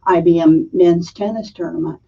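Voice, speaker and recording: A woman's voice: fairly low pitch, moderate pace, creaky, slightly rough. Older Southern woman telling stories. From Southern US, Florida. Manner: animated storyteller, lively quoted voices. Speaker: author guest. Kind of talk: storytelling interview. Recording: muffled, distant mic.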